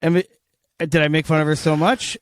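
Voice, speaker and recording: A man's voice: a little high, steady tone, a little fast, clear, resonant tone. A man co-hosting a casual comedy podcast, rambling and joking with a slight lisp and plenty of swearing. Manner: rambling, jokey, swears freely. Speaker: podcast co-host.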